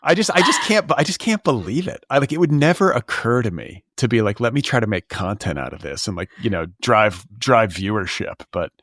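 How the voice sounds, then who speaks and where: Casting note: middle-aged male podcast host, low voice, dry close recording, rambling and exasperated. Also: big pitch swings, fairly quick, hardly any pauses, a bit bright, no echo. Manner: rambling, filler-heavy, exasperated. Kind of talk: casual comedic chat. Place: Los Angeles.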